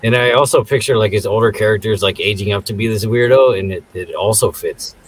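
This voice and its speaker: A man's voice: on the low side, a little fast, slightly rough, rough recording. A man co-hosting a casual movie review podcast, laughing and acting out scenes in silly voices. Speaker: podcast co-host.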